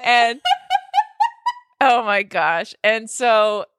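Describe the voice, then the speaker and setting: A woman's voice: lowish voice, normal speed, no echo. A woman in casual chat, telling a funny story with lots of laughter and swearing, acting out what others said. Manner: animated storytelling, acts out others' lines, laughs often, swears.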